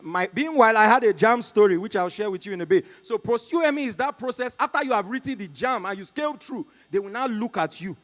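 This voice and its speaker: High-voiced Nigerian stand-up comic. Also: male voice, animated, fast talker, few pauses, fairly bright tone. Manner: storytelling, talks to the crowd. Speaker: stand-up comedian. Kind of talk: live stand-up comedy. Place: concert stage in a large hall. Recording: long reverb from a hall.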